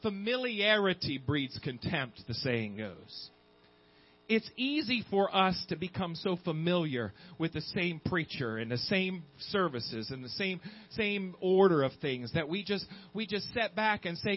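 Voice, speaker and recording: A man's voice: high voice, very animated, unhurried. A male preacher delivering a fervent sermon, repeating phrases and calling out "Amen" to the congregation. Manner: fervent, repetitive, calls out "Amen". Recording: dull, muffled sermon recording.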